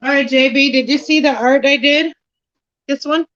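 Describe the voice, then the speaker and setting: A woman's voice: sits high, normal speed, fairly bright tone, highs cut off. A woman hosting a casual home livestream, rambling and easily distracted while she bakes in her kitchen. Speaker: livestream host.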